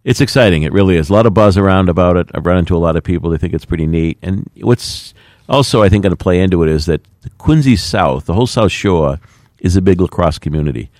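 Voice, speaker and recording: A man's voice: sits low, animated, fast, a little mellow, no room sound, clean studio sound. A middle-aged man, a mayor speaking in a plainspoken, folksy way with plenty of fillers. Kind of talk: radio interview talk.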